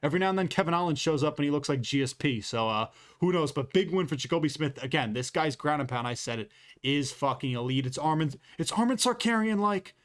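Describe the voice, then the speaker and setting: A man's voice: on the high side, lively intonation, fairly bright tone. A man giving a casual, off-the-cuff fight recap, blunt and opinionated, swearing freely. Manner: quick, off-the-cuff delivery with fillers. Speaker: MMA commentator and YouTuber.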